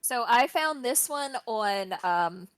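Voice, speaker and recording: A woman co-hosting a casual podcast, an expressive and playful storyteller who talks loud. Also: fairly high pitch, slow pace, no room sound. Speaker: podcast co-host.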